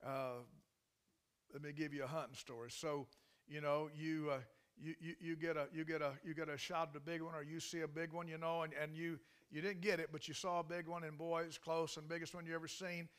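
A man's voice: a little high, little pitch movement, a little fast, a bit bright, clear, resonant tone. A man preaching a sermon in a folksy, emphatic way, often restarting his sentences. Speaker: pastor.

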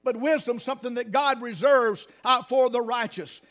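A high-pitched man delivers a sermon. He speaks softly at times, then climbs into loud, fervent preaching punctuated with hallelujahs. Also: moderate pace, few pauses. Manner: builds from quiet talk to loud, rising preaching with hallelujahs. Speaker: pastor.

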